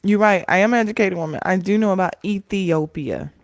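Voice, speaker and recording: A woman's voice: medium pitch, fairly quick, dry recording. Teasing woman hosting a live stream. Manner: laughing, teasing, reads chat aloud. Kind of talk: casual live stream chat.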